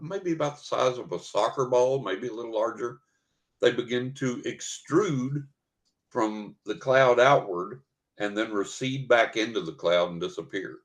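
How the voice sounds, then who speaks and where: An older man from West Texas, a podcast guest telling a personal story in a lively way. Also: mid-range voice. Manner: animated storyteller who acts out what people said.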